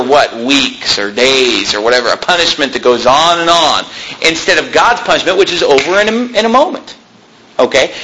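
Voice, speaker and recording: A man's voice: a little high, pushed and bright, slight background noise, poor audio. A man preaching a sermon, reading scripture aloud and often checking in with listeners with asides.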